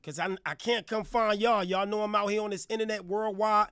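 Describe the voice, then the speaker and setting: A middle-aged man from New Jersey hosting a live hip hop radio stream, firing off hype shout-outs in street slang. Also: high voice, steady tone, a little fast, smooth, no room sound, studio quality. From New Jersey, USA. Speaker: radio host reviewing music. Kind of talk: hype livestream radio talk.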